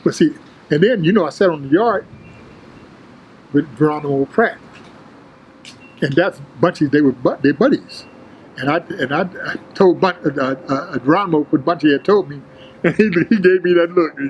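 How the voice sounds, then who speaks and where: An older man, an interview guest, telling prison and gym stories in a streetwise, profane, animated way, acting out the others' lines. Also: a little high, moderate pace, long pauses, lo-fi sound, slight background noise. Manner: streetwise, profane, animated retelling with quoted voices. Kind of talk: casual storytelling.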